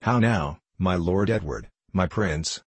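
Man reading as a stern old king, gentle archaic speech, low voice, husky tone, dry close sound. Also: slow pace, dry recording, full character voice. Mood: gentle, coaxing. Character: dread old king, stern yet tender.

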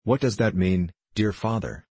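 A man's voice: lowish voice, expressive, moderate pace, a little mellow, breathy edge, no room sound. A man reading the part of a naive, cheerful pumpkin-headed figure in a storybook, in a simple and earnest manner.

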